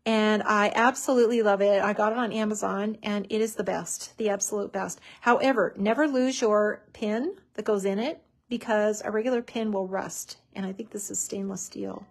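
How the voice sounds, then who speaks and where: A woman's voice: mid-range voice, steady tone, moderate pace, hardly any pauses. A woman hosting a live crafting tutorial, chatty and bubbly, with many fillers.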